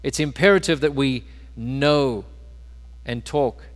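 Man, pastor, sermon, mid-pitched voice, loud then hushed emphasis, long hall reverb. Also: slow pace. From South Africa. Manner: preaching with sharp shifts between loud emphasis and quiet, low asides.

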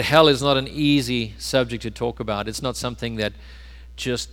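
Preaching man in an echoing hall. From South Africa. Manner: preaching with sharp shifts between loud emphasis and quiet, low asides. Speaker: pastor. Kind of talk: sermon. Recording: long hall reverb.

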